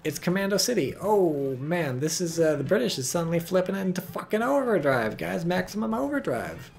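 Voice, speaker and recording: A man's voice: high-pitched, sing-song, fairly quick, creaky, a little mellow, a little hiss or hum. A man giving casual, profane, sarcastic commentary on a strategy game replay and reading viewer chat aloud.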